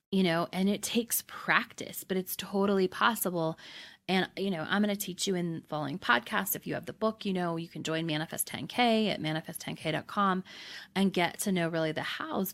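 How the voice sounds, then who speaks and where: A middle-aged woman hosting a podcast, explaining manifesting in a casual, conversational way, often checking in with "right?" and restarting her sentences. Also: fairly low pitch. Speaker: podcast host and manifesting coach. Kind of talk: casual teaching monologue.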